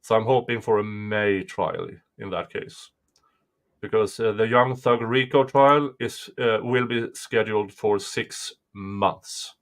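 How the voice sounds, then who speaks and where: A man with a Swedish accent co-hosting a livestream, chatting casually in a slow, halting way with many fillers. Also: lowish voice, fairly bright tone. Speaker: livestream co-host. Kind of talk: casual commentary chat.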